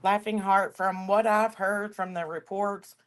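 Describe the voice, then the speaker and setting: A woman's voice: medium pitch, steady tone, a little slow. A woman on an online panel, relaying news matter-of-factly. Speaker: panel guest. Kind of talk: casual chat.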